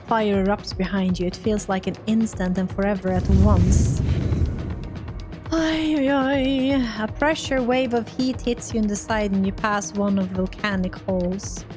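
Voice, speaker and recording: A woman's voice: mid-range voice, normal speed, few pauses, over music. A woman streamer reading a role-playing game's text aloud and reacting to it, swearing and laughing when things go wrong. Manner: animated, swears and laughs at failures. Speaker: gaming streamer.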